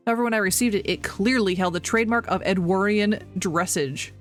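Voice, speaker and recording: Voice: medium pitch, brisk, fairly bright tone, faint music behind, close to an everyday voice. A streamer voicing a pompous young man obsessed with Victorian fashion, speaking in formal, haughty phrases. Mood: indignant. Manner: formal, haughty, overly proper diction.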